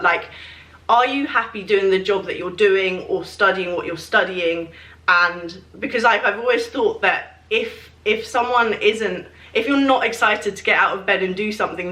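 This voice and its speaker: A woman's voice: mid-range voice, pushed and bright. A woman answering questions in a casual Q&A vlog, chatty and rambling, full of fillers. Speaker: fitness vlogger answering questions. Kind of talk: casual Q&A chat. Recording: echoey room, mic at a distance.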